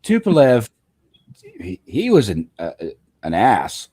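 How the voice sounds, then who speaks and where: A man's voice: on the low side, wildly swooping pitch, slow, dark tone, slightly rough. A man as a guest on a casual movie review chat, hesitant with many ums and false starts.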